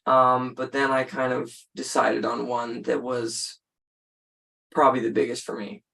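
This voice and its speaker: A teenage young man from Canada, speaking on a video call in a hesitant, halting way with many fillers. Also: mid-range voice, monotone, gravelly, bright, forceful tone. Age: teens. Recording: distant mic on a video call.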